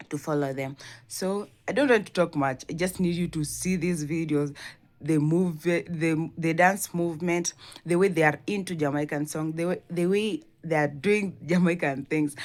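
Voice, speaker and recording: Low-voiced woman hosting her channel. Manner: repetitive, non-native grammar. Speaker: channel host. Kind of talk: casual commentary to camera.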